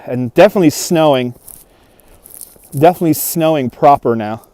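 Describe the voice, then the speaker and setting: Strolling outdoors through a snowy city park, this livestream host with a New York accent chats casually, laughs often and reads comments aloud, filmed on a gimbal-mounted phone. He speaks at a moderate pace in a mellow, somewhat high voice, and the recording is dry.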